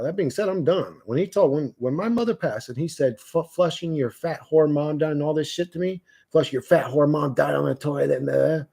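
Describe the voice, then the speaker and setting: A man's voice: a little high, gravelly, a little mellow, breathy edge. A man hosting a live stream, ranting profanely and mockingly to his chat, laughing often. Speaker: livestream host reading chat. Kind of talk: casual rant to a live chat.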